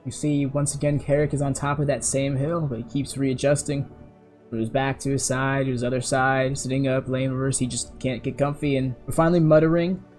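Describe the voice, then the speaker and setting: A man's voice: mid-range voice, monotone, fairly quick, darkish tone, soft background music. A man narrating a tabletop role-playing game as game master, in a casual storytelling manner with frequent self-corrections.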